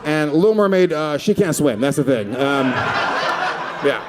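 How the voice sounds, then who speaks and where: A man doing a stand-up comedy set, brash and profane with a deadpan edge. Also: fairly high pitch, a little slow, very noisy. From Puerto Rico. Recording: live club set with a laughing crowd. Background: audience laughter.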